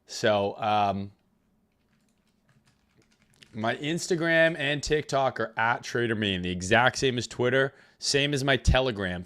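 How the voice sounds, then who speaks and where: A man with a fairly low, fairly bright voice hosts a crypto trading livestream while recovering from illness. He chats loosely and profanely, greeting viewers by reading their chat names aloud.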